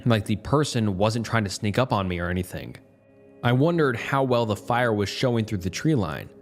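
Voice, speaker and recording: A man's voice: lowish voice, animated, moderate pace, faint music behind. A man narrating a first-person story in a tense, matter-of-fact way.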